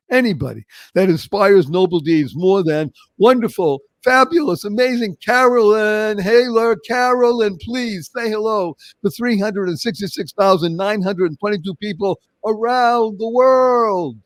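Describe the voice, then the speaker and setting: Older man, Boston accent, talk show host, emphatic storyteller, slightly high voice, dry sound. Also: dry recording. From Boston, Massachusetts. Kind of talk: motivational podcast interview.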